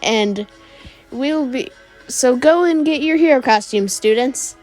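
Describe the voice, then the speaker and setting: A woman voices a heroic grown man who teaches a class, speaking formally and politely with a bemused edge. The delivery is slow and measured. Faint music sits in the background. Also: high-pitched, animated, darkish tone, pitched above the performer's own voice, rough recording. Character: booming heroic adult male teacher.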